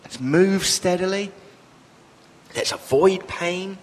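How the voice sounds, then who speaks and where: A man delivering a sermon with a somewhat raised voice that rings through a large, reverberant hall. He preaches with passion and emphasis, lifting and dropping his voice to press each point. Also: slow pace. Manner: passionate, emphatic, with sudden swells in pitch and volume.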